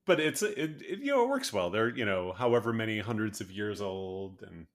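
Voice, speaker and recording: A man co-hosting a casual chat, explaining at length with halting starts and easy laughter. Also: lowish voice, very animated. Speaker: podcast co-host.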